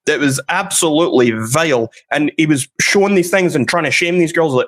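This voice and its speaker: A man's voice: a little high, fairly quick, few pauses, a bit bright. Rambling man, casual commentary. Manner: rambling with fillers and restarts. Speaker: commentary YouTuber.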